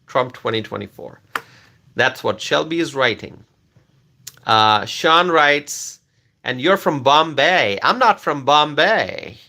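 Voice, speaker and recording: A man's voice: on the high side, expressive, takes it slowly, pushed and bright. A man originally from Bangladesh hosting a live stream, reading viewer comments aloud and answering them with repeated questions and laughter. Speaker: livestream host reading chat.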